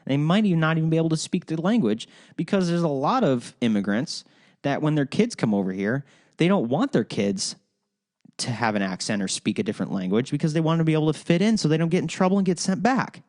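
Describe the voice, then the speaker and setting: Casting note: male podcast host, lively pitch, swearing rants, trips over words. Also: fast talker. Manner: animated, profane, rambling ranting with frequent restarts. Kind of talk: solo podcast rant.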